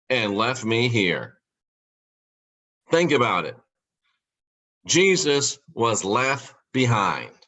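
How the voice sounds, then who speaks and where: A man hosting a podcast, talking through scripture in a monologue, repeating key lines and slowing down to stress words. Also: mid-range voice, bright, forceful tone. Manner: rhetorical questions, emphatic repetition. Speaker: podcast host.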